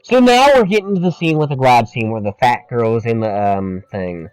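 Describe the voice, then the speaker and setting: A man's voice: medium pitch, lively intonation, a little fast, clean tone, no room sound, low-quality recording. A man co-hosting a podcast, chatting casually and profanely about a comedy film while quoting its lines. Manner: loose and profane, quoting lines in mock voices. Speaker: podcast co-host. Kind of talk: casual movie review chat.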